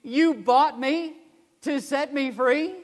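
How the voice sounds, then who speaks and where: A man's voice: very high voice, slow pace, pitched above the performer's own voice. A man voicing a tearful, overwhelmed young girl who cries out the same words again and again, heard in a long hall reverb. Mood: disbelieving. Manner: pleading, repeated cries.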